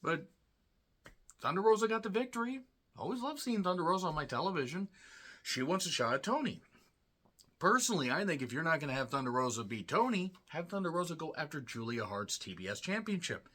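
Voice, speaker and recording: Blunt, sarcastic man with a lively bright voice. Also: a little high, fairly quick. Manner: blunt, sarcastic, swears freely. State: tired. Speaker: wrestling show reviewer. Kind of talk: casual solo review commentary.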